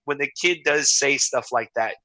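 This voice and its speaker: A man's voice: mid-range voice, moderate pace, pushed and bright, no echo, low-quality recording. A man in his forties, a guest in a casual interview, telling candid, emotional stories full of quoted dialogue. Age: 40s. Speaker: guest entertainer.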